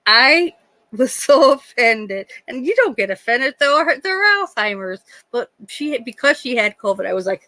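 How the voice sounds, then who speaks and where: With a slightly high voice and a moderate pace, a nurse who runs a livestream shares stories in a relaxed chat, often laughing and voicing bits of dialogue. The audio is poor, with no room sound.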